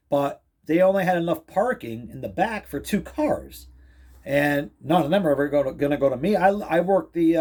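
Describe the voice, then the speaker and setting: A man's voice: a little high, warm tone. A middle-aged man telling a long personal story in a rambling, casual way, full of restarts, fillers and swearing. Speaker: vlogger telling stories.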